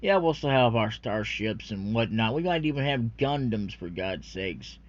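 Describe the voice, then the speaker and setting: A man's voice: lowish voice, expressive, normal speed. A man ranting in a rambling, unscripted way about anime, profane and full of fillers, on a dull lo-fi recording. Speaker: anime commentary vlogger.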